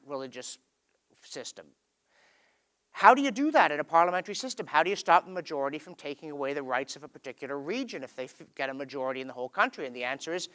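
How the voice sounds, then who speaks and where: A Canadian man giving a lecture-style talk to a live audience at an evening event, emphatic and animated, with wry asides. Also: a little high. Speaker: speaker giving a public talk. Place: event hall.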